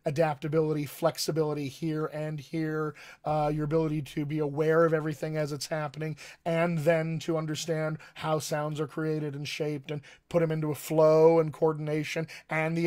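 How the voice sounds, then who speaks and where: A middle-aged man with a slightly raised pitch coaches actors in a live online Q&A. He explains patiently, reaching for comparisons and restarting sentences as he goes. It sounds like a webcam session from a home office. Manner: explanatory, answers viewer questions with analogies and restarts. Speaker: dialect coach. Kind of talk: live-streamed Q&A teaching.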